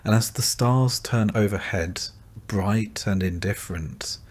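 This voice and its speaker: Low-voiced calm male bedtime narrator. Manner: calm, unhurried storytelling. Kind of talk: scripted bedtime history narration.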